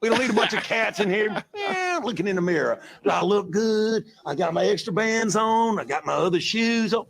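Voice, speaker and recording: A man's voice: high voice, sing-song, fairly quick, gravelly, few pauses, fairly bright tone. Clipped, urgent Southern man ranting. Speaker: football coach. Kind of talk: animated rant at a press conference. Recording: archive clip played on air.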